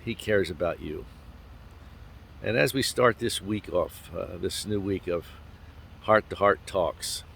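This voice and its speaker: A man hosting an informal outdoor devotional talk, gentle and folksy, recorded on a handheld phone. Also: deep voice, vocal fry, a little hiss or hum. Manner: gentle, folksy, with pauses and small laughs. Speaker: devotional host. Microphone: handheld phone camera.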